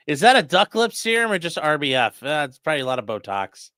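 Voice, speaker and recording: A male host giving livestream commentary in an animated, sarcastic way, reacting to clips and reading chat aloud. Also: on the high side, fast talker, no room sound, clean studio sound.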